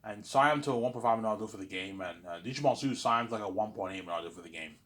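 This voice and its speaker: A man hosting his own series, talking in a casual, excitable, rambling way and often repeating words as he restarts. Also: on the low side, rapid-fire. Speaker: host of a listening series.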